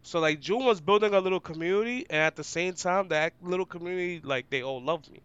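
This young adult man, an esports commentator, talks fast in a high, clear, resonant voice; there's no echo, but the audio is dull. He tells stories in a casual interview chat, animated and slangy, dropping "like" constantly, and calls himself loud and outgoing.

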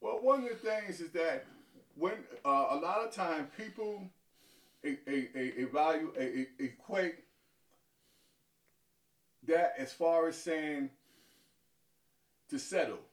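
A man from Harlem, New York, a deacon giving halting interview answers that often stumble and repeat words. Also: fairly high pitch, a bit bright. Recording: echoey, from far off.

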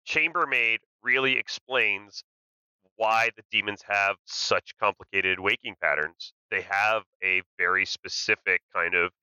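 Very bright, smooth-voiced man on a dry mic. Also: lowish voice, no room sound, muffled recording. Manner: agreeable, quick to confirm and clarify. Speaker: podcast co-host. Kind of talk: casual game strategy chat.

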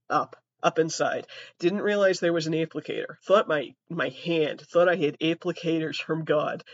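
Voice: medium pitch, unhurried, a bit bright, no room sound. A young adult trans comedy podcaster telling stories in a profane, rambling, self-mocking way. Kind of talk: comedic storytelling. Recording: dull, dry lo-fi audio.

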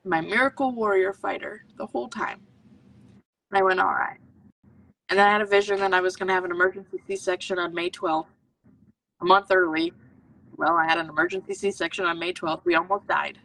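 Earnest low-voiced woman, far from the mic. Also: fairly even intonation, a little fast, vocal fry, fairly bright tone. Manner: earnest, intense, full of self-talk. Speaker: podcast guest, medical intuitive. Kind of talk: personal storytelling in conversation. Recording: voice from a distance to the mic.

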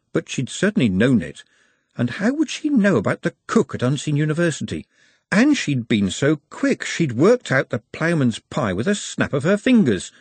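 A man narrating a novel as an audiobook in a wry, expressive way. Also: mid-range voice, husky, no echo. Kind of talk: scripted narration.

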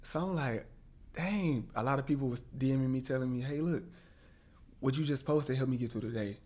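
Animated man telling a story. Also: medium pitch, brisk. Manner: animated storyteller, acts out quoted voices. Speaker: guest. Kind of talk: storytelling interview.

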